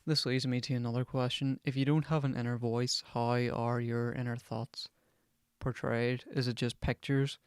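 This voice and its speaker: A man's voice: mid-range voice, little pitch movement, normal speed, clean tone, no echo, studio quality. A young man hosting a podcast, rambling casually and swearing constantly as he chats. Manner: swears constantly, chatty and digressive. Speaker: podcast host.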